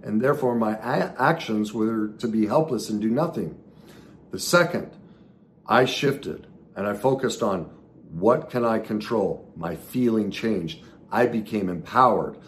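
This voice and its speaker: A middle-aged man giving an earnest, emphatic motivational talk to his followers, swinging between loud stresses and soft asides. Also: on the low side, animated, measured pace, slight background noise. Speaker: self-help speaker.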